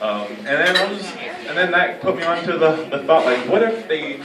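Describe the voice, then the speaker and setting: A man's voice: fairly high pitch, animated, crowd noise. Young man rambling through stand-up. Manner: rambling, halting delivery full of "like" and "you know". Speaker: stand-up comedian. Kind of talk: stand-up comedy set. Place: comedy club stage. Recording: echoey room, heard from a distance. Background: audience laughter.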